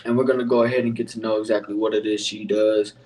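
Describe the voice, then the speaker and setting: A man's voice: on the low side, flat delivery, fast talker, a little mellow, recorded from a distance, a little hiss or hum, low-quality recording. A young man hosting his podcast, rambling casually in slangy talk with lots of fillers. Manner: laid-back, rambling, slangy with frequent fillers. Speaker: podcast host. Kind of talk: casual solo podcast intro.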